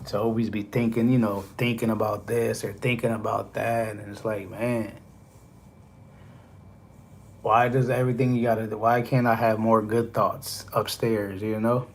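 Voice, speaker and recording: A man's voice: fairly low pitch, flat delivery, normal speed, few pauses, a little hiss or hum. Young trucker man, live-stream host, loose rambling delivery full of fillers. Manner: rambling, filler-heavy, "you know" constantly. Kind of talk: casual live-stream chat.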